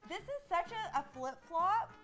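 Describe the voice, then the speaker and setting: High-voiced young woman trading quips. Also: sing-song, a bit bright, soft background music. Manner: chatty, quick quips and playful asides. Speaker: co-host of a TV recap show. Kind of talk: casual chat.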